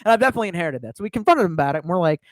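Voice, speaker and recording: Man in his 30s, livestreamer, profane rambling storyteller, slightly high voice, dry close sound. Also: sing-song, racing, dry recording. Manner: profane, rambling, laughs at own tangents.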